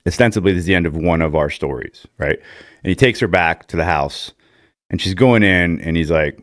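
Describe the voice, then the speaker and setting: A man's voice: low-pitched, expressive, brisk, dry recording, studio quality. A young adult man co-hosting a casual film chat, animatedly retelling scenes and laughing as he goes. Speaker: podcast co-host.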